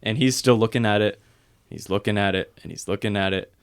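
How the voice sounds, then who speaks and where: A man's voice: fairly low pitch, brisk, gravelly, clean tone. Profane young man telling a work story. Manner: animated, profane, acts out quotes. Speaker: podcast co-host. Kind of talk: casual storytelling chat.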